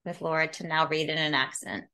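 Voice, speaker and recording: A woman co-hosting a podcast in casual chat, with quick, chatty asides. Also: deep voice, steady tone, pushed and bright. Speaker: podcast co-host.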